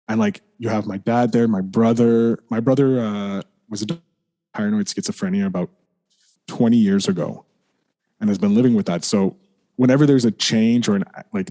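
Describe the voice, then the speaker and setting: A man with a fairly low, mellow voice tells a candid personal story as a podcast guest. He rambles, leans on "like," restarts his sentences, and apologizes for swearing.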